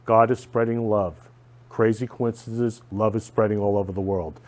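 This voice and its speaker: A man's voice: fairly low pitch, steady tone, moderate pace, a little mellow. A man hosting his own talk show, speaking earnestly and emphatically, often repeating himself. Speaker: host. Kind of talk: casual monologue.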